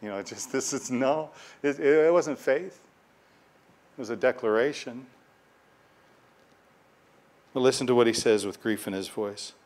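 A man's voice: mid-range voice, measured pace, pauses often, a little mellow. A male pastor preaching a sermon, reading scripture aloud and stressing key words with swells of force, often repeating himself as he builds a point.

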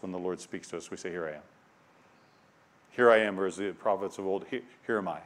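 A man preaching a sermon. He reads scripture aloud and repeats key phrases, moving between quiet passages and loud, emphatic ones. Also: lowish voice. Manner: dynamic preaching, swinging from hushed to loud and emphatic.

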